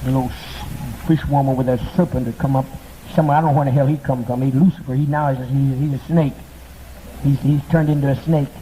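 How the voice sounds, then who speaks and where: A man's voice: medium pitch, fairly even intonation, fast, warm tone. A man preaching a fiery, profane sermon, mocking and impassioned in his delivery. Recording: tinny lo-fi archival tape with faint hiss.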